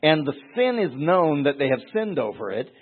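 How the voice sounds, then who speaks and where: Male Bible teacher, verse by verse, emphatic with repeated words, slightly high voice, tinny phone-like recording. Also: sing-song, moderate pace, breathy edge.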